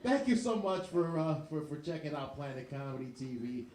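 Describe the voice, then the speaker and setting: A man's voice: on the high side, big pitch swings, a little fast, a little mellow, reverberant. A man hosting a comedy show in a bar, loosely signing off with repeated "all right" and "cool.". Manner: loose, repetitive sign-off talk. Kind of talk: stand-up show closing. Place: bar stage before a live audience.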